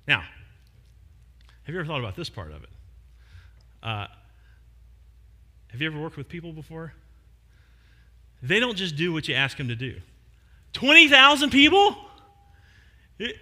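A man's voice: high-pitched, bright, forceful tone. A man preaching a sermon as a pastor, retelling a story with acted voices and a casual, joking delivery.

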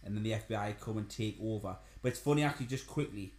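A man's voice: fairly low pitch, fast talker, a little mellow, a little hiss or hum. A man, co-hosting a casual chat about films, rambling and full of restarts. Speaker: podcast co-host. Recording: roomy echo.

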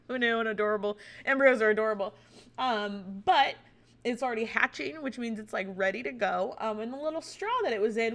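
A woman's voice: on the high side, moderate pace, fairly bright tone. A woman casually telling a personal story, chatty and candid, swearing freely and laughing often. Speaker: vlogger recounting a personal experience.

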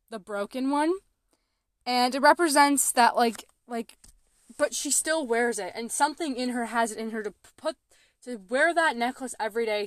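A woman's voice: a little high, dry recording, clean studio sound. A young woman hosting a movie podcast, talking casually and emotionally, rambling with lots of fillers. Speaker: podcast host.

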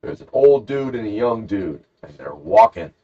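A man's voice: mid-range voice, sing-song, moderate pace, dark tone, highs cut off. A man hosting a podcast, casually telling a rambling, jokey story and acting out the characters. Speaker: podcast host.

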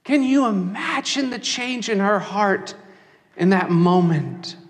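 A man preaching a sermon as a pastor, animated and acting out the voices of people he quotes. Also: sits high, slow pace, long reverb tail.

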